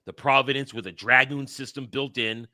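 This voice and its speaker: A man casually and excitedly retelling anime scenes, acting out the characters' lines as he goes. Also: medium pitch, normal speed. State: choked up. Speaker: podcast host. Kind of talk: casual anime recap chat.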